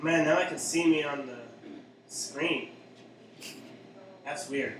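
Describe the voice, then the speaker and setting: A man's voice: on the high side, slow pace, a bit bright, slight background noise. A man, a poet, casually and hesitantly introducing his next poem at a live reading night in a small cafe. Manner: rambling, offhand, hesitant with fillers. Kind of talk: casual intro between poems. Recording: echoey live room from far off, crowd.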